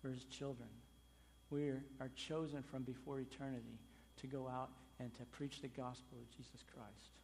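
A man preaching a sermon as pastor, emphatic, with loud stressed phrases and sudden quiet drops. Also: medium pitch, level tone, moderate pace, big-room sound, slight background noise.

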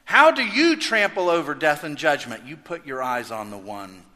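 A man preaching a sermon as pastor, swinging from loud emphasis to hushed intensity. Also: on the high side, very animated, normal speed. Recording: echoey hall reverb.

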